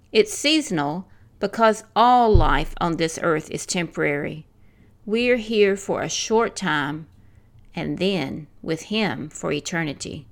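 An older woman reading a devotional in a slow, measured, earnest way, as a missionary speaker. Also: lowish voice.

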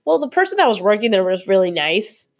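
A young woman in casual podcast chat, telling stories in an animated way and laughing often. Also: mid-range voice, fast.

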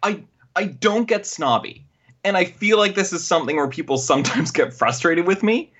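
A man's voice: high-pitched, animated, normal speed, a bit bright, husky. A man with a Canadian accent, a guest in a casual podcast chat, easygoing and wry.

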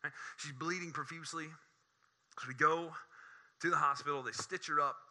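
A man, preaching a sermon and telling a personal story in an animated, conversational way. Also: fairly high pitch, moderate pace. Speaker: pastor.

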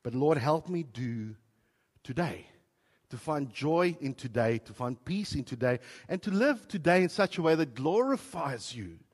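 Man, pastor from south africa, sermon, fairly high voice, long church-hall reverb, soft-to-loud storytelling. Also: animated, unhurried, breathy edge.

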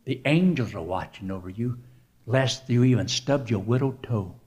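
A man's voice: mid-range voice, moderate pace, a little mellow, voice pushed down, natural voice. A man voicing the devil as a sly tempter in a sermon retelling.

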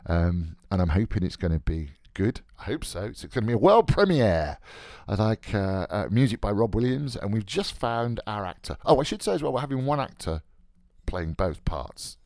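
Lively male radio host with a roving mic. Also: fairly low pitch, moderate pace, no room sound. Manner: lively, friendly, encouraging. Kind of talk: roving interview at a trade fair. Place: busy trade fair hall.

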